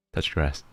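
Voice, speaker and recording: A man streaming casually with a deep bass voice, relaxed and often chuckling, talking in fits and restarts. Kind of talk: casual chat with chat readers.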